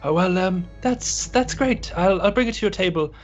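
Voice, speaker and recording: Stammering barmaid, female tavern keeper, high voice, hurried politeness, played by a man, muffled audio. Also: animated, faint music behind. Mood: flustered. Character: flustered eager female tavern barkeeper.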